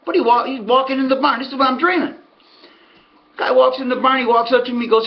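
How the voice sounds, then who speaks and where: A man's voice: very high voice, steady tone, quick pace, muffled recording. A middle-aged American man rambling through a casual monologue, telling stories with folksy asides. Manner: chatty storyteller, folksy asides. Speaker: horse racing handicapper and host.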